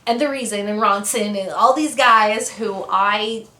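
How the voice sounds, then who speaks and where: Woman, bright voice, unhurried, chatty interview guest, echoey room. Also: mid-range voice. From Ontario, Canada. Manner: rambling, chatty, lots of fillers and tangents. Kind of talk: casual interview storytelling.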